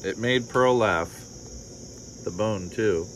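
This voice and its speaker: A man reading a children's picture book aloud in a calm, measured storytelling voice. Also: fairly low pitch, a little hiss or hum, rough recording.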